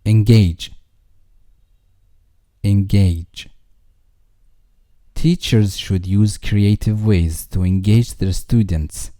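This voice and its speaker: A man reading English vocabulary words twice each, followed by a slow example sentence. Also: lowish voice, mellow, no room sound, clean studio sound.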